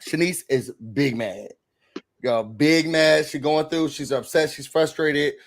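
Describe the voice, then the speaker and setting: A man's voice: on the high side, unhurried, creaky. A man co-hosting a podcast, casually recapping a reality show and acting out the cast's lines. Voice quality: animated retelling, acting out quotes.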